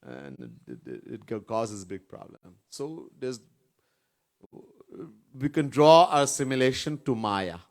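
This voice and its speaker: A man's voice: medium pitch, very animated, takes it slowly, vocal fry, darkish tone. A man, a swami giving an informal sermon at a retreat, chatting, repeating himself and often asking "right?". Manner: conversational, repeats words, asks "right?" often, chuckles. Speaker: swami leading a spiritual retreat.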